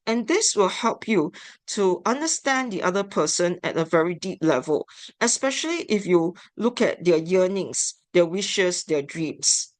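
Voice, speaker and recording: A woman giving an instructional talk on family therapy, measured and deliberate. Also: fairly low pitch, expressive, dry recording. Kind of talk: instructional lecture.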